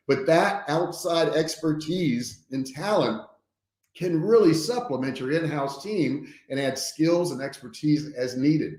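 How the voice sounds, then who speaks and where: A man's voice: medium pitch, a little mellow, echoey room. A man hosting a casual business livestream, speaking frankly and emphatically, often checking in with his viewers. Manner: frank and emphatic, often tags points with "okay?". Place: home office.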